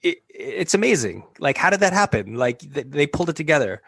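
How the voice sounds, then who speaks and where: A man's voice: fairly high pitch, very animated, fairly quick, gravelly, fairly bright tone, husky, dry recording. A man talking as a podcast guest in casual chat, rambling loosely with fillers.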